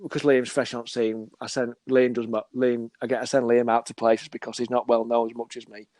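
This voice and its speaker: A man's voice: medium pitch, fairly quick, no echo. A man, chatting casually as a football scout and acting out little conversations as he tells stories. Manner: animated storyteller, acts out dialogue. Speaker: football scout, podcast guest. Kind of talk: casual chat.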